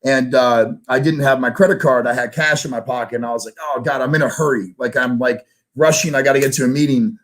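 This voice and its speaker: A man telling a story in a casual show conversation, animated, acting out the voices of the people in it. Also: medium pitch, fast, few pauses. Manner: animated, acts out voices in anecdotes, casual swearing. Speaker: guest storyteller.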